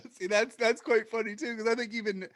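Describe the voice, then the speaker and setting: A male Canadian comedian talks in a casual interview, his voice sitting fairly high. He tells stories at his own expense and laughs often. The sound is dry and close, with no room in it. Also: steady tone, normal speed, fairly bright tone, dry recording. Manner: laughing, self-mocking storyteller. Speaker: comedian guest.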